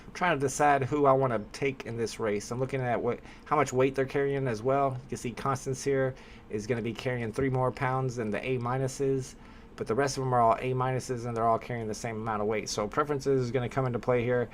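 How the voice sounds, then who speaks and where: A man hosting a livestream, talking to his chat in a relaxed, casual way. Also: mid-range voice, fairly quick, slight background noise. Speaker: livestream host.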